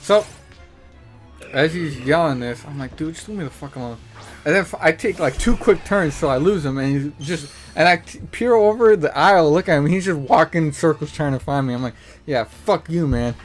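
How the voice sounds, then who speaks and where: A man hosting a podcast, telling stories in a profane, animated way and acting out the people he quotes. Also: fairly high pitch, a little fast, soft background music. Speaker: podcast host. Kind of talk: casual storytelling.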